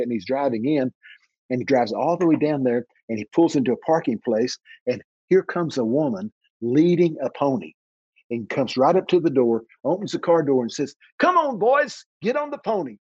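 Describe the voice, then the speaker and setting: Dramatic personal storytelling comes from an 80s-aged Texan minister in an interview, who performs the voices and slows for emphasis. His mid-range voice is mellow with a breathy edge, and the recording is dry with dull audio.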